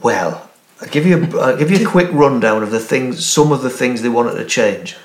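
A man's voice: mid-range voice, expressive, moderate pace, roomy sound. A middle-aged man telling a casual anecdote, laughing often and restarting sentences as a podcast guest. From Newcastle, England. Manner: storytelling with frequent laughs and restarts.

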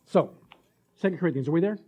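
Man, pastor, sermon, high voice, animated delivery, playful and engaged with the congregation. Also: fast, slightly rough, lo-fi sound. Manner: energetic, acts out little scenes, keeps checking in with the congregation.

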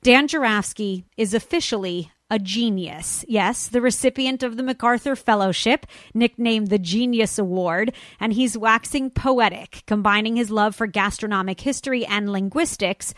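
A woman's voice: fairly high pitch, moderate pace, few pauses, a bit bright, no room sound, clean studio sound. A woman hosting a broadcast interview, enthusiastic, reading a scripted introduction. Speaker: host.

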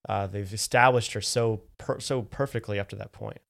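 Co-host on a movie podcast, gravelly fry in the voice, agrees a lot. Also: mid-range voice, steady tone. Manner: agreeable, quick to affirm. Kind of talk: casual movie podcast chat.

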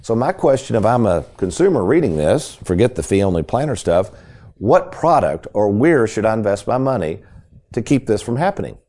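A low, dark male voice carries this talk radio segment. He speaks with emphatic, folksy energy, turning often to the listeners at home. His tone stays mellow even when he presses a point. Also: moderate pace. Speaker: financial radio show host.

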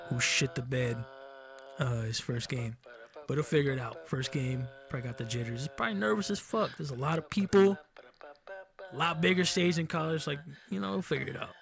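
Recorded in Enumclaw, Washington, a young man hosts a casual sports podcast, rambling loosely and profanely through the standings while correcting himself along the way. His medium-pitched voice is a bit bright, with some vocal fry.

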